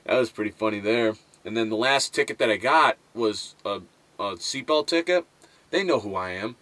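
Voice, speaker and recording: A man's voice: mid-range voice, normal speed, fairly bright tone, dry recording. A man, a rapper, talking casually to the camera in a blunt, boastful, profane way.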